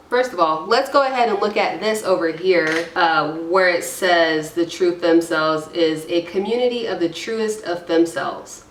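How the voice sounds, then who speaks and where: Reading forum posts aloud for her YouTube audience, a woman offers casual, irreverent remarks and wanders into self-deprecating tangents. Her voice is on the low side, and the recording sounds roomy with a little hiss or hum.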